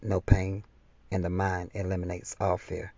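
A man voicing a calm, wise male doctor in a dream, speaking softly and quietly with gentle firmness, on a slightly dull recording. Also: sits low, normal speed, vocal fry, dry recording. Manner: soft and quiet, gently firm.

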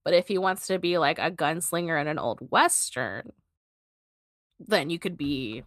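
A woman co-hosting a podcast, retelling a short story in casual chat, animated and swearing freely. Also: low voice, unhurried, no room sound, clean studio sound. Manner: animated, swears freely, laughs between lines. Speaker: podcast co-host.

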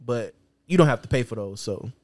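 A man's voice: mid-range voice, lively intonation, fairly quick, darkish tone, no room sound. A man co-hosting a podcast in casual chat, opinionated and slangy, with frequent filler phrases. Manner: opinionated, slangy, keeps saying "you know what I'm saying". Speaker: podcast co-host.

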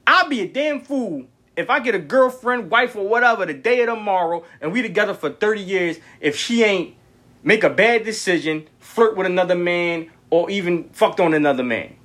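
A young man hosting a podcast, telling stories in a blunt, profane, animated way. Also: high-pitched, normal speed. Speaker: podcast host. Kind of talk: casual storytelling monologue.

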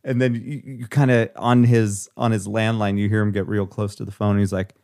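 A man in casual conversation, telling an animated story, acting out quoted lines and laughing often. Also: on the low side, moderate pace.

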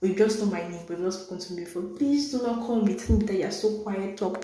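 A woman's voice: medium pitch, quick pace, few pauses, mellow. Blunt, sarcastic woman in a roomy space. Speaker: podcast host. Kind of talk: solo podcast chat. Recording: roomy echo.

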